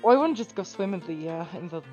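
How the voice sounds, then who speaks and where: A woman's voice: lowish voice, animated, quick pace, a little mellow. A woman playing in a tabletop game, speaking in an easygoing, reassuring way. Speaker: player. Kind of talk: casual tabletop game chat. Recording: slightly dull sound with faint music.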